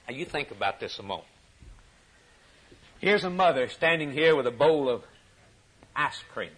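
A man with a slightly rough voice preaches in a rhythmic cadence. His delivery swings up to high, shouted peaks and back down to quiet asides.

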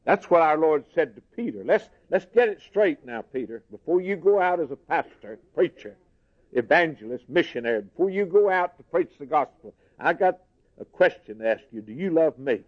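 A man's voice: on the high side, big pitch swings, normal speed. Earnest preacher man, dull lo-fi recording. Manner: earnest, swings from soft and hushed to raised emphasis. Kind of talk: sermon.

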